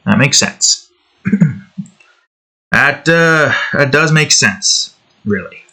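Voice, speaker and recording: A young digital artist who hosts a channel chats casually while drawing indoors at home, his cat nearby, rambling with plenty of fillers and side comments. His mid-range voice has a sharp tone and lively intonation, moving at a slow pace with long pauses.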